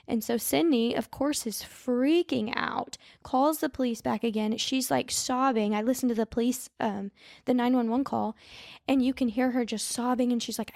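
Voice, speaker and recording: A woman recaps a true-crime case for her podcast co-host in loose, chatty storytelling, slipping on names and fixing them as she goes. Her voice sits a little high with a gravelly fry. The sound is dry and close, with no room echo. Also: fairly even intonation, normal speed, a little mellow. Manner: chatty, mixes up names and corrects herself.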